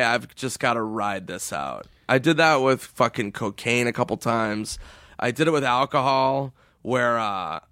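A man's voice: mid-range voice, a bit bright, dry recording, clean studio sound. A man, a comedian guest, telling stories in casual chat, acting out quoted voices and laughing as he swears.

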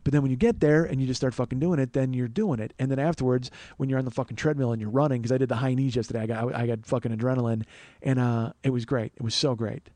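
A man's voice: medium pitch, fairly even intonation, fast, dark tone, no room sound. A man hosting a comedy podcast, telling rambling, profane, self-mocking stories in casual chat. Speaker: podcast host.

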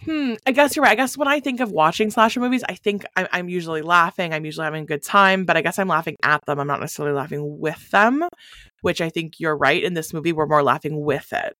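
A woman co-hosting a podcast chats casually about a movie, laughing often. Her low-pitched voice is pushed and bright at a quick pace, recorded with clean studio sound and no echo.

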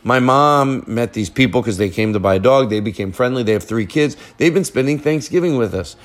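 A man's voice: medium pitch, lively intonation, brisk. A middle-aged man hosting a casual podcast from a relative's living room, rambling and joking as he goes. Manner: rambling, joking, self-interrupting. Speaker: podcast host. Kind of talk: casual chat recorded with family. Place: living room at a relative's house, fire going.

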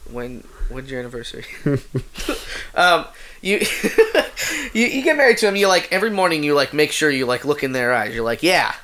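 Man, casual podcast chat, rambling, swears, laughs a lot, animated intonation. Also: a little high, moderate pace. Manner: rambling, laughing, swearing, acts out silly scenarios.

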